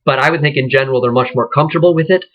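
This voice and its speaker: A man's voice: medium pitch, racing. A man with a Midwestern accent, talking loosely to acting students, often restarting his sentences. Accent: Midwestern American. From American Midwest. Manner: loose, rambling, with frequent restarts. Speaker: acting teacher. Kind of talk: casual instructional talk. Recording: dull lo-fi recording.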